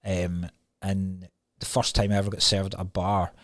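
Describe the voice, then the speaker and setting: A Scottish man co-hosting a podcast, telling stories in a casual, rambling way with halting restarts. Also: sits low, flat delivery. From Scotland. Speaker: podcast co-host. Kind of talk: casual chat.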